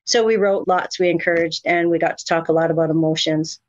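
A middle-aged woman telling her story as an interview guest, candid and animated, with many fillers and restarts. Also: deep voice, brisk, no echo, dull audio. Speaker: guest, mother of incarcerated sons. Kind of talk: emotional personal storytelling.

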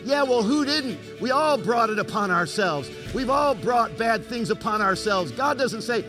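A pastor preaching in a high-pitched male voice, driving his points home through repetition. His words ring out with long reverb in a large church hall. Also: animated, normal speed, few pauses, over music. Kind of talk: sermon.

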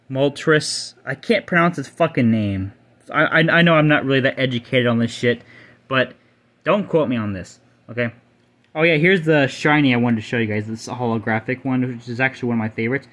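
A man's voice: mid-range voice, fairly bright tone. Rambling, foul-mouthed young man. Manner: rambling, profane, stumbles over names. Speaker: channel host. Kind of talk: casual card collection showcase.

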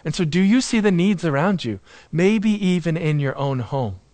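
A male pastor delivering a sermon in a fairly high voice, recorded close and dry with no room sound. He speaks earnestly, slowing and sinking lower for emphasis, and drops in self-deprecating humor. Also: animated, a little mellow, no echo. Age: adult, married with young children.

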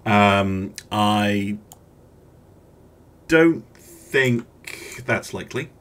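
A man runs a gaming channel and talks through his gameplay in a relaxed way, pondering decisions out loud with hesitant fillers. His lowish voice stretches words out.

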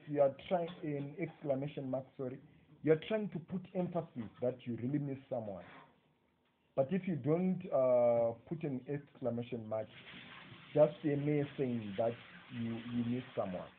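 Slow Zimbabwean man teaching, tinny audio. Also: mid-range voice. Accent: Zimbabwean English. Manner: slow, dictating phrases, frequent "okay?" checks. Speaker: English teacher. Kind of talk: recorded exam-prep lecture.

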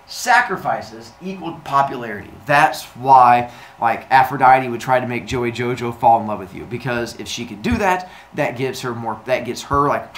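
A male teacher talks straight to his students in a loose, chatty way, peppering his sentences with "like." His pitch swings all over the place as he acts out little scenes. The room around him is echoey, with a faint hiss underneath. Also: a bit bright. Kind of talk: recorded remote lesson.

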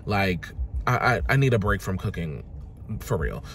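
A man's voice: moderate pace, gravelly, a little hiss or hum. Sassy, dramatic man vlogging food. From Jamaica. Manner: dramatic, sassy and expressive, swinging between loud exclamations and low asides. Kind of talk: casual chatty vlog. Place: in a car, out and about, then at home. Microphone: handheld camera or phone.

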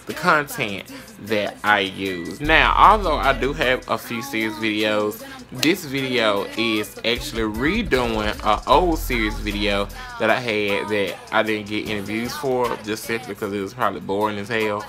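A man's voice: fairly low pitch, moderate pace, music in the background. Brash, profane man with a Southern drawl. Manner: brash, profane, sassy and dramatic. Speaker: vlogger. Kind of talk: casual advice rant to camera.

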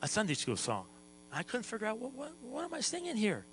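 A man preaching a lively sermon as pastor, sometimes singing and shouting, with a hum behind him. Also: high-pitched, a little fast, low-quality recording. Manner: animated preaching, sings and shouts at times.

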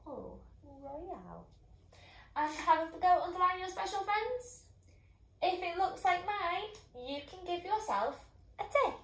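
A woman teaching young children phonics, sounding out each sound slowly and clearly and encouraging them. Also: very high voice, roomy sound. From England. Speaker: primary school teacher.

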